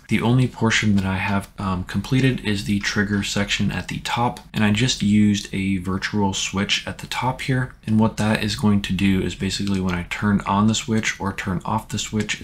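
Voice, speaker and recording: A man hosting a tech tutorial, giving relaxed, plain step-by-step instructions in a casual way. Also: fairly low pitch.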